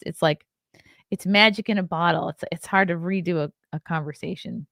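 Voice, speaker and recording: A woman's voice: fairly low pitch, brisk, vocal fry, a bit bright, no room sound, clean studio sound. A woman hosting a casual morning show, chatting and rambling as she reacts to viewer comments, sounding tired. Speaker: podcast host.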